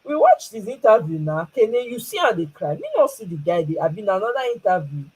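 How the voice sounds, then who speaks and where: On poor audio, this Nigerian-accented host speaks at a medium pitch in a sing-song, fairly quick way, her voice a little mellow and slightly rough. She talks emphatically and casually to her viewers about politics, moving between English and Pidgin.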